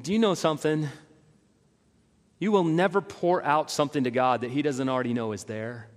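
A middle-aged man preaches a sermon in a somewhat high voice, carried by a long reverb from a large hall. He is animated and acts out the voices of the people he quotes. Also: normal speed. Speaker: pastor.

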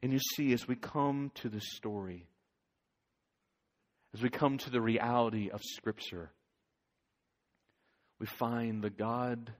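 A male pastor preaching a sermon, swinging from loud urging to near whisper. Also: medium pitch, steady tone, slow, long pauses.

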